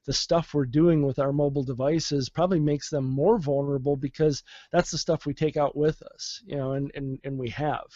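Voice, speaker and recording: Male co-host, mellow and halting; dry, slightly dull audio. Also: fairly high pitch, steady tone, no echo. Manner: hesitant, restarts often. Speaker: podcast co-host. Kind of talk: casual tech podcast chat.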